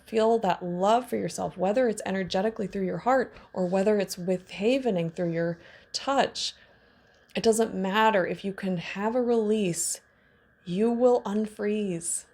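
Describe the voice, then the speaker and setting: Gravelly-voiced woman teaching trauma healing. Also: medium pitch. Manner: warm candid talk with laughs and self-disclosure. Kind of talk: casual teaching monologue.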